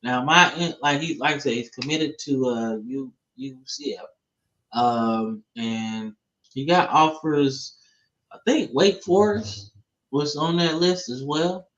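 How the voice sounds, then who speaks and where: A man's voice: mid-range voice, slow, a bit bright. A man hosting a casual football talk show in a laid-back, slangy way, peppering his talk with "man" and "bro". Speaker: podcast host. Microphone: streaming setup, remote call. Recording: dull lo-fi stream audio.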